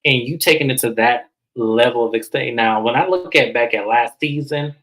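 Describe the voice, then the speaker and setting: Dude with a bright voice dishing gossip on a reality show, blunt and animated. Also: male voice, medium pitch, normal speed, poor audio. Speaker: reality TV recap host. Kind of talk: casual recap chat.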